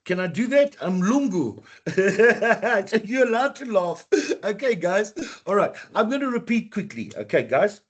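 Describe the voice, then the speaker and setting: Husky-voiced male teacher. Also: sits high, very animated, a little slow. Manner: chatty, encouraging, talks to class directly. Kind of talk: live online computer lesson.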